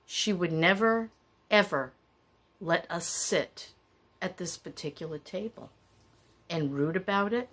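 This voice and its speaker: Middle-aged woman vlogging, low-ish voice, slow easy pace, rambling storytelling. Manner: chatty, wandering, animated asides. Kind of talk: casual storytelling.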